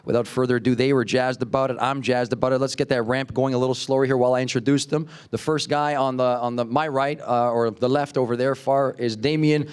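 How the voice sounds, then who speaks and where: A man's voice: medium pitch, fairly even intonation, quick pace, hardly any pauses, clean tone. A man hosting a conference stage and introducing the speakers in a playful, hyped, rambling way. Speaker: event host. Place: conference stage before a live audience.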